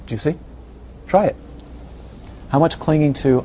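A man's voice: on the high side, a little slow, warm tone. A man giving a meditation talk, repeating phrases and asking playful rhetorical questions, on a dull lo-fi recording. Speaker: meditation teacher. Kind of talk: dharma talk. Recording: dull lo-fi recording, faint hiss.

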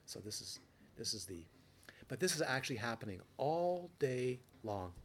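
Meditation teacher giving a dharma talk, restarts. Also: male voice, medium pitch, normal speed, slightly rough. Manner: relaxed, anecdotal, frequent restarts and playful acted quotes.

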